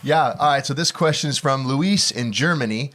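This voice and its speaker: A man co-hosting a show, reading out viewer questions in a plain, relaxed way. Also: medium pitch, normal speed.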